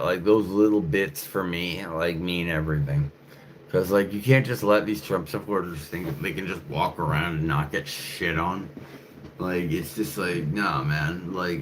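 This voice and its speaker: A man's voice: low voice, fairly bright tone. A man rambling in a casual, profane monologue to camera, full of fillers and restarts. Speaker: channel host. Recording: faint background noise.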